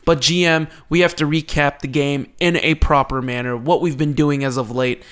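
A man co-hosting a casual sports podcast, excitable and quick to laugh. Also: fairly high pitch, clear, resonant tone. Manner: excitable, laughs often, restarts. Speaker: podcast co-host.

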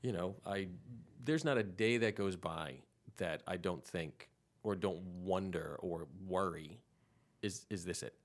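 Low-voiced man talking shop on a podcast. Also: a little slow. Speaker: podcast guest, actor and comedian. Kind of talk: casual studio chat. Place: podcast studio.

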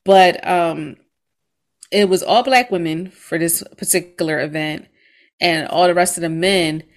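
A woman's voice: lowish voice, measured pace. A woman in her thirties, a podcast co-host, telling a story in casual chat and laughing often.

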